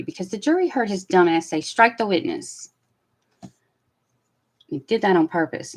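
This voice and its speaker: A woman with a drawl talks through events in loose, unscripted commentary. Her voice sits a little low, and she speaks bluntly, swears often and gets worked up as she gives her opinions. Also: low-quality recording. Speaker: commentary host. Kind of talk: casual live trial commentary.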